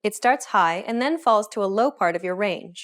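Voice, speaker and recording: A woman reading a scripted pronunciation lesson in a clear, explanatory manner. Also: mid-range voice, expressive, fairly quick. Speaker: language teacher. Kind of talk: scripted instructional narration.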